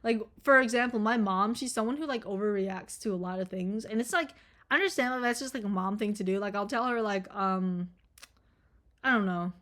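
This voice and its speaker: A woman's voice: medium pitch, brisk, a bit bright. Blunt, rambling young woman vlogger. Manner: blunt, profane, rambling with many fillers. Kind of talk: casual rambling monologue.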